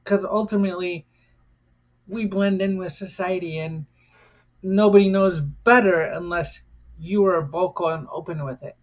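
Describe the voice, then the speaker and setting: An American woman vlogger delivers an impassioned, defiant rant in a lowish, unhurried voice. She curses freely and repeats phrases for emphasis.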